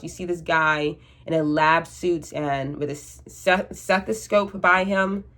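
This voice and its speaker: Rambling low-voiced young woman. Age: 20s. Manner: rambling and anxious, with many restarts and fillers; frank, with casual swearing. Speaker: vlogger. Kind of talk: casual monologue to camera.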